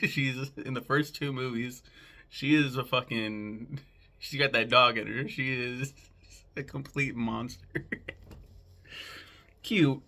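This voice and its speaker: A man's voice: mid-range voice, vocal fry, sharp tone. A man casually recapping a movie plot in a rambling way, with lots of filler words and swearing. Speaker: film podcast host.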